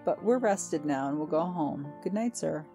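A woman's voice: deep voice, animated, moderate pace, dark tone, faint music behind. A woman voicing a cheerful, chatty young village boy in a storybook reading. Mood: eager.

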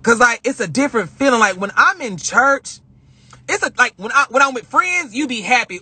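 A man chatting casually on a livestream, emphatic and animated, repeating phrases for effect as he tells a spiritual story. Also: very high voice, normal speed, breathy edge, no echo. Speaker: vlogger.

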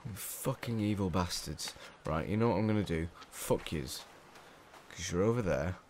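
A young man from England commentates his gameplay from a small room at home, jumpy, panicky and swearing a lot. His voice is deep and a little mellow, at a moderate pace, with slight background noise.

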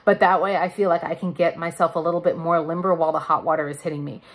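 A woman's voice: fairly low pitch, steady tone, fast talker. A woman in her thirties chatting candidly to camera in a casual vlog, laughing now and then. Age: 30s. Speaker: vlogger. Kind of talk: casual chat.

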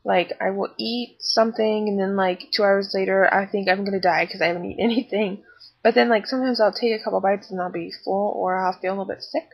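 A woman's voice: mid-range voice, slightly rough, low-quality recording. A young woman in her twenties, tired and candid, chatting in a pregnancy vlog recorded on a laptop webcam. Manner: chatty and candid, lots of fillers and asides. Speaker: vlogger.

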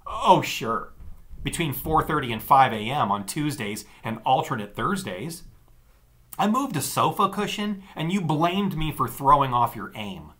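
A cutting, sarcastic teenage girl from an audiobook, as a male narrator puts her on, her voice pitched well up and bright. She speaks with a forceful edge and a lively, swooping delivery. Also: normal speed. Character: angry scornful teenage girl, the narrator's sister. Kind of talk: audiobook dialogue.

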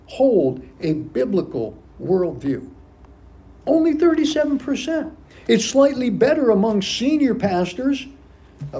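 A man's voice: very high-pitched, dark tone. A man preaching a sermon as pastor of a church, emphatic and repeating key phrases for stress. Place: church sanctuary.

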